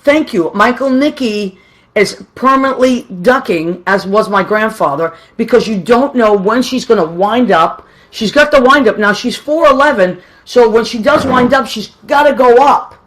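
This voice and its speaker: A woman's voice: a little high, normal speed. A woman hosting a radio show alone, chatting and greeting listeners by name. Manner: chatty and affectionate, greets people warmly. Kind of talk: live radio chat, reading out listeners.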